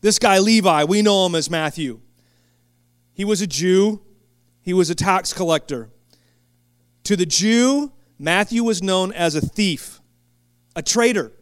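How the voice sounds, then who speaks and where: A man preaching a sermon with passion, moving from quiet asides to shouted peaks and often stumbling into restarts. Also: high voice, a little slow, long pauses, clean tone, no echo, studio quality. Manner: impassioned, swings from quiet asides to shouted climaxes; frequent stammered restarts. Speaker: pastor.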